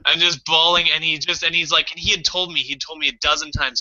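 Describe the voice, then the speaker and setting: A man co-hosting a podcast tells a story in loose casual chat, swearing freely and acting out his own past panic. His voice sits a little high and sounds bright and sharp. The recording is dull and lo-fi. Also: fairly even intonation, fast talker, few pauses. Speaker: podcast co-host.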